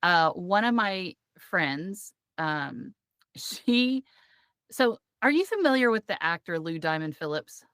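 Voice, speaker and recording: Chatty woman with a low voice. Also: sing-song, slow pace, fairly bright tone, clear, resonant tone, no echo, studio quality. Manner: chatty storyteller, laughs often. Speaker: podcast host. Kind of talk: casual podcast chat.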